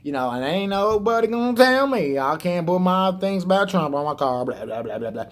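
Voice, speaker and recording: A vlogger with a high, sing-song voice rants briskly on his channel. The satirical tirade rambles and is full of sarcasm and profanity.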